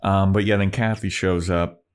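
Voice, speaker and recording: A man with a low, deep voice recaps a TV episode on a podcast, chatting loosely with a friend. He keeps slipping into quick exaggerated impressions of the characters and swears offhandedly. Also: fairly even intonation, smooth. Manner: retells scenes doing quick character voices, swears casually. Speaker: podcast co-host. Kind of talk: casual recap chat.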